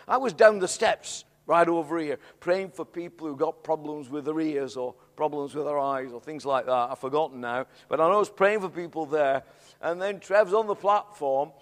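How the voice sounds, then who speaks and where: A middle-aged man preaching a sermon, telling a story in an animated way that swells into excited shouts. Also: a little high. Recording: long hall reverb.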